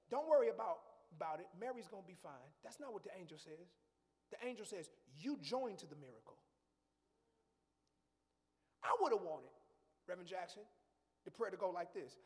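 A man preaching a sermon as pastor, building to shouts and talking straight to the congregation. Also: high voice, slightly rough, in a large hall. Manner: preaching with rising shouts and call-and-response asides.

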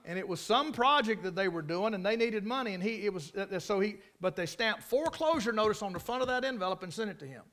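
A man's voice: high-pitched, lively intonation, fast, few pauses, a bit bright. A man preaching a sermon, telling stories in a folksy, emphatic way and repeating key phrases. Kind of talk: storytelling sermon.

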